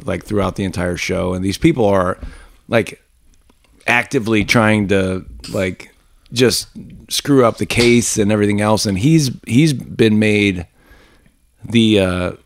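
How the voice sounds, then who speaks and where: Low-voiced man laughing through a story. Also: vocal fry. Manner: laughing, halting, filler-heavy retelling. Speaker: podcast co-host. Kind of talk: casual chat.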